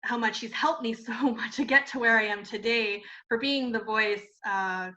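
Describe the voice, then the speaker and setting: A woman who founded a cosmetics company tells a story in an interview, animated, laughing often and filling her talk with "like". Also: on the high side, moderate pace. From Canada. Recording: muffled lo-fi sound.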